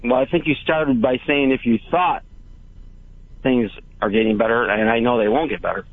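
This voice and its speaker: A man calling in to a radio show who speaks hesitantly, with halting phrases and many fillers. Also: medium pitch, steady tone. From Hawaii. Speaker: caller. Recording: tinny phone line.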